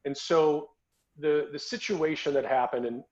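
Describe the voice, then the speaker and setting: A podcast host tells a story in a relaxed, conversational way, often restarting and repeating his words. His voice sits a bit high for a man. The recording is dull and lo-fi. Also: unhurried.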